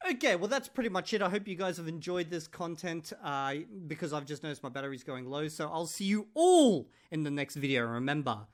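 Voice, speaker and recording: A man's voice: fairly high pitch, lively intonation, brisk, few pauses. A man vlogging in casual chat, translating clips aloud with many fillers and restarts. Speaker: vlogger reviewing a language course.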